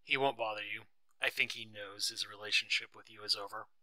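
Man reading a sneering rich husband in a storybook, sharp and bright, dry sound. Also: fairly low pitch, steady tone, a little fast, dry recording, rough recording. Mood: smug. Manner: snapping, accusing. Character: arrogant, bullying rich husband.

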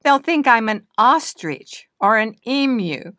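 A jittery little nandu girl, put on by a woman reading aloud, pitched up high and swooping all over as she digs in her heels. Her lines come out anxious and whiny, stubborn refrains of a worried child in a picture book. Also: lively intonation, slow, pushed and bright, no echo, studio quality, exaggerated voice. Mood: stubborn, nervous. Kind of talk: storybook reading.

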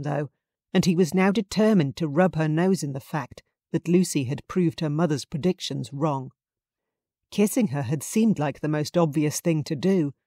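A woman reading romance narration in a calm, even storytelling manner. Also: deep voice, dry recording, clean studio sound. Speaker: audiobook narrator. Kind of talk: scripted narration.

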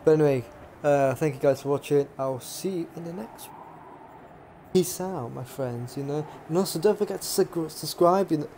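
A man's voice: fairly high pitch, normal speed, dark tone, slight background noise. A young man casually commenting on his gameplay as a gaming YouTuber, chatty and swearing now and then. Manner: chatty, swears, jokey asides.

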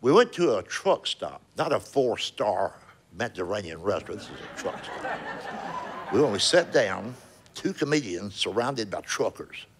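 A man's voice: fairly low pitch, very animated, measured pace, a faint crowd, a little hiss or hum. An older man, telling folksy stand-up stories and chatting. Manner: folksy Southern storytelling, drawling punchlines. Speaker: stand-up comedian. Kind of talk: stand-up comedy set, then chat. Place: comedy club stage.

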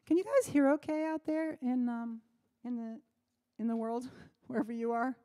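A woman singer-songwriter chatting casually between songs on a live stream from home, relaxed and rambling with plenty of ums. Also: on the high side, moderate pace. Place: home by the fireside.

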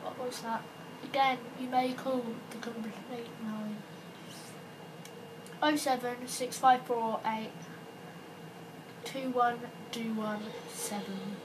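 A young woman commentates her own racing game in a high, unhurried voice. She tends to chant a single word over and over. Her home recording carries a clear hiss of background noise. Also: fairly even intonation. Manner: chants repeated words while waiting. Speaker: gaming channel host. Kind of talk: let's-play commentary.

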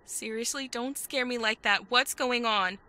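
A woman's voice: a little high, unhurried, sharp tone, no echo. An actress voicing an anxious young woman, the player's girlfriend in a horror game, asking worried, pleading questions. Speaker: game character.

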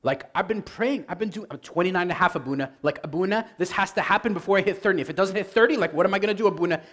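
Man doing a frantic young single woman, pleading, anxious, raised pitch, loud and rushed. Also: close to an everyday voice.

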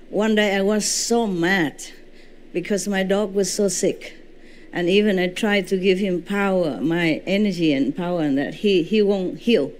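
A woman spiritual teacher lecturing into a microphone at an indoor retreat, her English clearly non-native. She tells her stories with lively, dramatic reenactments and keeps checking in with her listeners. Her voice sits at a middling pitch. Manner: animated storytelling, reenacting her own shouts; frequent "you know" and "okay?" check-ins.

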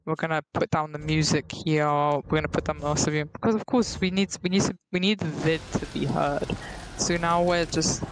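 A nervous man streaming a horror game in a put-on American accent, rambling goofily and breaking into high shrieks. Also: little pitch movement, normal speed, noisy background. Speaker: gaming streamer. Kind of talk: casual let's-play commentary.

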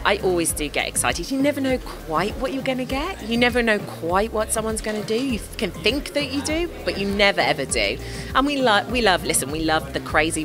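A woman who has lost her voice, speaking as a dance-show host in a casual interview, chatty and effusive with many restarts. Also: on the low side.

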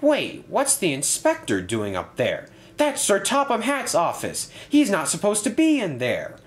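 A man voicing a friendly young male steam engine in a raised, high voice. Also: wildly swooping pitch, a little slow, exaggerated voice. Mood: puzzled.

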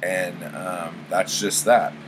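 A man recaps a book in a loose, rambling way, swearing often and leaning on fillers. His voice is fairly low and his pace slow and unhurried. An air conditioner hums steadily in the room. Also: little pitch movement, a little hiss or hum, poor audio. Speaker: book vlogger. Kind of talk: casual spoken book recap.

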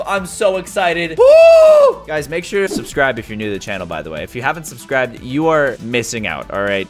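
A young man giving excited gameplay commentary as a YouTuber, hyper and shouty, often squealing and laughing. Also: medium pitch. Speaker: gaming YouTuber.

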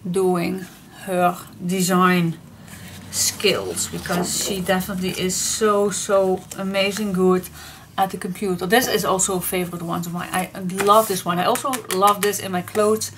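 Gushing Dutch-accented woman, slow bright voice. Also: mid-range voice, a little hiss or hum. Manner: gushing, excitable, repeats oh my gosh. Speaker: paper craft channel host. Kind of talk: casual crafting vlog.

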